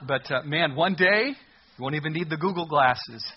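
A man's voice: a little high, moderate pace, lo-fi sound. A man preaching a sermon in a conversational, humorous way, reading scripture aloud. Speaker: pastor.

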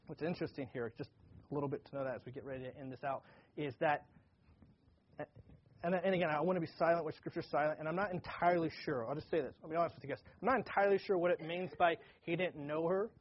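Guy preaching casually, kinda husky, slightly higher voice, sounds a bit lo-fi. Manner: conversational, acts out dialogue animatedly. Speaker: pastor. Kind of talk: casual Bible teaching. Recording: dull lo-fi recording.

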